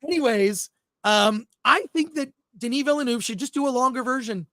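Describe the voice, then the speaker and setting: A man's voice: very high voice, normal speed, bright, forceful tone, no room sound, studio quality. A man co-hosting a film podcast in casual, opinionated chat, reading out live chat comments as he goes. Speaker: podcast co-host.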